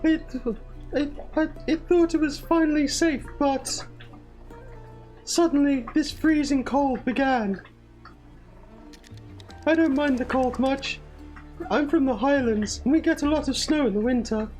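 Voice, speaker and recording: A soft-spoken, big male himbo from the Highlands, played by a woman tells his story in a gentle, mournful way in a video game. The voice sits fairly high. Faint music plays underneath. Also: a little slow, pauses often, rough recording. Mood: sorrowful.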